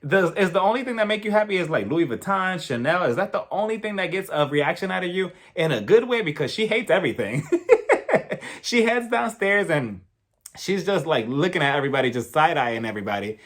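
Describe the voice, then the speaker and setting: A man recapping a reality show in a casual, gossipy way. His voice swoops up and down with lively expression as he acts out what the cast said. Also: high-pitched, a little fast. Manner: animated, gossipy, acts out quotes. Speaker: reality TV reviewer.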